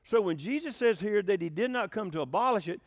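Folksy male preacher, high-pitched, chatty, keeps quizzing the flock. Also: animated, a little fast. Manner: folksy, asks the congregation questions, chuckles. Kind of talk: conversational sermon.

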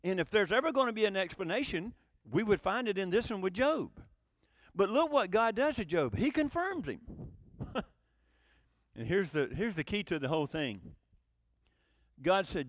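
A man preaching a sermon, animated, moving between loud emphatic bursts and low quiet asides. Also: moderate pace, pauses often, no room sound, studio quality.

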